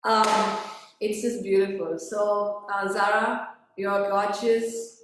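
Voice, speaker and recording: A woman's voice: mid-range voice, flat delivery, takes it slowly, fairly bright tone, a little hiss or hum. A woman hosting a live video interview, effusive and emotional, often repeating herself. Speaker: host. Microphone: video call. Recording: echoey room, far from the mic.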